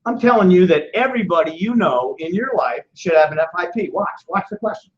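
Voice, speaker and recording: A man in his sixties giving a joking, animated financial sales seminar, firing questions at a small audience. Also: high voice, a little fast. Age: 60s. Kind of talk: lively sales seminar talk. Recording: echoey dull room sound from far off.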